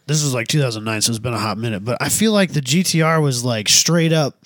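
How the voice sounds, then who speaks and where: A man's voice: medium pitch, fast, fairly bright tone, no room sound, clean studio sound. A man co-hosting a podcast in casual chat, laid-back and rambling, with crude jokes. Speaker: podcast co-host.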